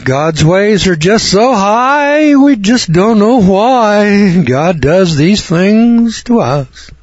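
A man voicing a pious, mealy-mouthed preacher in a syrupy, drawn-out mocking tone. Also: high-pitched, expressive, no echo, pitched above the performer's own voice, heavily acted. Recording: dull lo-fi recording.

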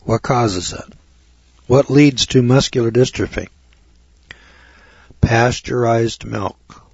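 A man's voice: mid-range voice, unhurried, a little mellow, husky, no echo, dull audio. A man giving a lecture, reading aloud from a text and adding emphatic, preachy commentary with mocking asides to his audience.

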